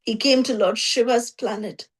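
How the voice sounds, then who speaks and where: High-voiced woman, spiritual teacher, animated storyteller with fillers. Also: normal speed. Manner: frequent 'you know' fillers. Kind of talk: scripture storytelling class.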